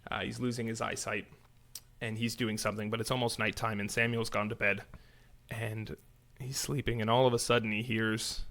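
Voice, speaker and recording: A man co-hosting a church podcast, retelling a Bible story in casual, animated chat. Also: fairly low pitch, normal speed, gravelly. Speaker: podcast co-host.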